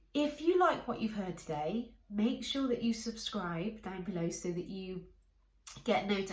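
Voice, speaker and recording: A woman coaching her listeners in a calm, encouraging way, speaking directly to them. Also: on the low side. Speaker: life coach. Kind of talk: coaching talk to camera. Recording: echoey room.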